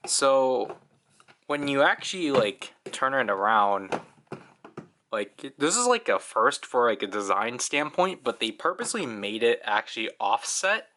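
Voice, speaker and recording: A man's voice: medium pitch, very animated, measured pace, pushed and bright. A young man giving a casual, chatty toy review, full of fillers and small laughs.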